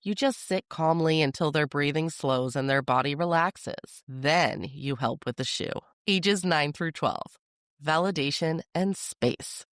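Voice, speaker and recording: Parenting podcast host reading a script, calm and steady, dry close sound, mid-pitched. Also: no room sound. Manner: calm, measured, steady delivery.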